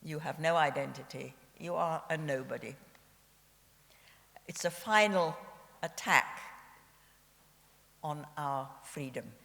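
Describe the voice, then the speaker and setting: A woman in her nineties from Austria, a Holocaust survivor giving her personal testimony at a civic memorial event, telling her story in a slow, measured way with gentle irony. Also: low-pitched, vocal fry. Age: 90s. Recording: long hall reverb.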